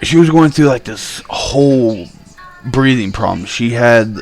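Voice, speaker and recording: A young man in full rant mode, telling his story with angry, animated energy and a steady stream of swearing. His voice sits at an ordinary middle pitch for a man, and he talks straight to the camera like a vlogger venting. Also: measured pace, soft background music.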